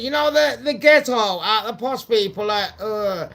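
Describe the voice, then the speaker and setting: A woman hosting a casual commentary vlog, talking bluntly and profanely in a chatty way, with loud excited bursts. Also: fairly high pitch, normal speed. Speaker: channel host.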